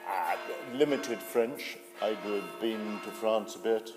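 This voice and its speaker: An older British man, an actor, telling stories in an interview in a relaxed way, with fillers and restarts. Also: fairly low pitch, slow. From Britain. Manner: relaxed storytelling with hesitant fillers. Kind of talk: interview anecdote. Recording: hall reverb with faint music.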